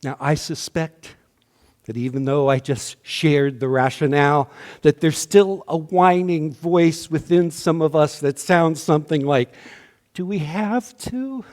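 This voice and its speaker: A man delivering a sermon as minister, slow and measured, his voice often dropping to a hush at the ends of lines. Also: fairly high pitch, steady tone, in a large hall. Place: church sanctuary.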